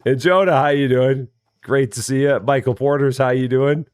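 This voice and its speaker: A man's voice: mid-range voice, steady tone, moderate pace, clean tone, dry recording, studio quality. A man casually commenting as he plays a farming game on a live stream, chatty and friendly, greeting viewers by name and often repeating his words. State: still waking up, early morning.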